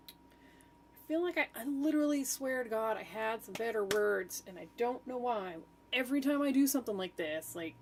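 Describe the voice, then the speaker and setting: A woman's voice: mid-range voice, slight background noise. A woman chatting casually while she makes art, thinking aloud with trailing fillers and self-talk. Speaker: art streamer. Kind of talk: rambling casual chat while designing.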